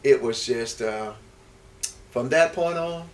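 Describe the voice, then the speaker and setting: A man's voice: medium pitch, slow. Older guy telling old baseball stories, repeats himself a lot, mic kinda far off. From Houston, Texas. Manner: rambling, repeats words and restarts, grows lively recalling stories. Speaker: interviewee, former baseball player. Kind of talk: reminiscing storytelling in an interview. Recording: distant mic with faint background noise.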